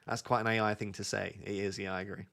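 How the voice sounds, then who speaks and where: A man's voice: fairly low pitch, level tone, fast talker, vocal fry, a bit bright. Chatty man reading out chat questions. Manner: waffling, joking. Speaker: streamer. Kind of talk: casual live-stream chat.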